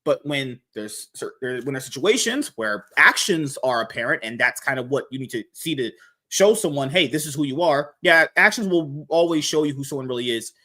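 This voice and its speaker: A man's voice: medium pitch, lively intonation, moderate pace, pushed and bright. A man hosting a podcast, talking casually and animatedly, swearing freely and rambling with restarts. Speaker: podcast host.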